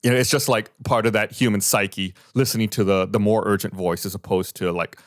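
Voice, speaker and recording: A man with a somewhat low voice talks through events on a podcast. He explains and reads report findings in a loose, conversational way. The sound is dry and close, with no room around it. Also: fairly even intonation, a little fast, no echo. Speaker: podcast host. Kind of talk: casual podcast discussion.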